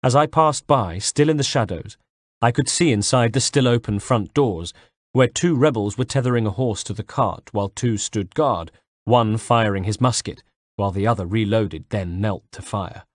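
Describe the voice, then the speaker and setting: A man reading a first-person audiobook in a measured, dramatic way on a close mic. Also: fairly low pitch, dry recording. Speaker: audiobook reader.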